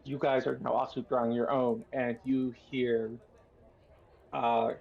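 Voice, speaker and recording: A man with a gravelly, husky voice narrating a tabletop game as game master, unhurried and descriptive. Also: medium pitch, level tone, dull audio. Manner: unhurried, descriptive, many fillers.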